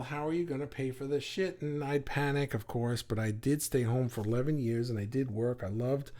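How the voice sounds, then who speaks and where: A man's voice: medium pitch, dark tone. A middle-aged man with a New York accent, hosting a casual live chat, reading viewer comments aloud, laughing often and stumbling over his words.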